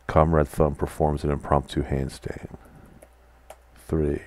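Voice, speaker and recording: A man's voice: a bass voice, flat delivery, slow pace. A man playing a text adventure game, reading the game text aloud and chatting casually between commands. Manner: quiet, mutters typed commands. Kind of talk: casual let's-play commentary.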